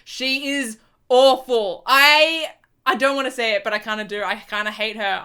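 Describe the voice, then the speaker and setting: Bright-voiced young woman, ranting. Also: a little high, moderate pace, clear, resonant tone. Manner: gushing, exasperated, full of fillers and restarts. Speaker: TV review vlogger. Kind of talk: casual review vlog.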